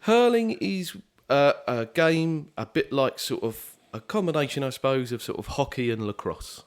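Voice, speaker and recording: A man's voice: mid-range voice, animated, moderate pace, clean tone. A young man from southeast England, a musician guest chatting casually in a podcast interview, easygoing and rambling with lots of fillers.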